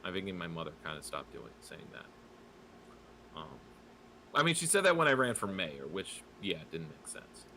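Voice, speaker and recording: A man with a low, bright, forceful voice chats casually on a podcast. He hesitates often, piling up fillers and restarts. A faint hiss sits under the recording. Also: sing-song, moderate pace, poor audio. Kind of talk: casual political podcast chat.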